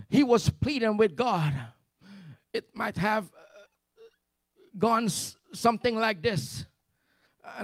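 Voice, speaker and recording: A man preaching a fervent sermon to his church, building to loud repeated refrains. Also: sits high, dry recording. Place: church service.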